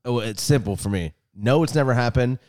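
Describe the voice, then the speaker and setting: A man's voice: mid-range voice, brisk, darkish tone. A man co-hosting a casual podcast chat, telling stories in a joking, profane way. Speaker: podcast co-host.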